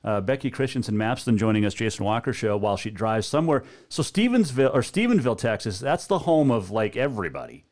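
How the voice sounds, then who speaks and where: Relaxed male radio host from Montana. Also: on the low side, fast talker, hardly any pauses. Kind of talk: casual interview chat.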